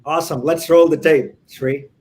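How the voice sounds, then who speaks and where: A man's voice: a little high, steady tone, moderate pace, darkish tone, a little hiss or hum. A man co-hosting an interview, reacting with short, enthusiastic remarks and asking questions. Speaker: co-host interviewer. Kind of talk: casual interview chat.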